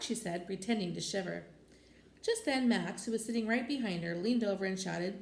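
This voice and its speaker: A woman's voice: medium pitch, moderate pace, vocal fry, darkish tone. A woman reading a children's chapter book aloud expressively. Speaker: storybook reader. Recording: echoey room with faint noise.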